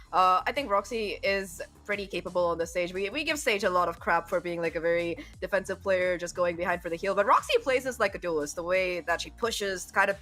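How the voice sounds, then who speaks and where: A woman's voice: medium pitch, a bit bright. A woman giving chatty, playful esports analysis at a studio desk.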